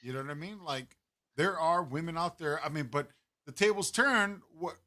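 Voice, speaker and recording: A man's voice: fairly high pitch, moderate pace. A middle-aged man hosting a podcast, chatting casually and putting questions to the audience. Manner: animated, poses questions to the audience, swears casually. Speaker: podcast host.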